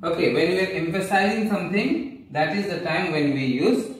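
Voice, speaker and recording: A man with an Indian English accent teaching a grammar lesson, explaining slowly step by step with fillers and self-corrections. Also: sits high, lively intonation, a little hiss or hum. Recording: very echoey room, distant from the mic.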